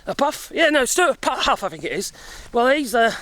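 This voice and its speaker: A man's voice: very high voice, big pitch swings, moderate pace, fairly bright tone, no room sound. A middle-aged man from Europe chatting casually outdoors while walking in the woods, out of breath, rambling, swearing and chuckling often. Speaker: vlogger.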